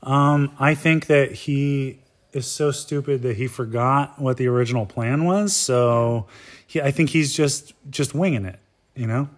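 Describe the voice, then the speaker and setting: A man co-hosting a laid-back podcast, with a middle-pitched voice. His delivery is dry and deadpan, and the sarcastic remarks land flatly amid the chatter. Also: unhurried. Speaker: podcast co-host. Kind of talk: casual chat about a reality show.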